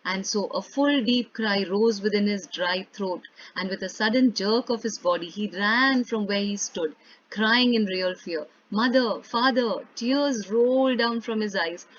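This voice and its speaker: A woman English teacher reading a story aloud expressively, then retelling it in simpler words for her students. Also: mid-range voice. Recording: dull lo-fi recording.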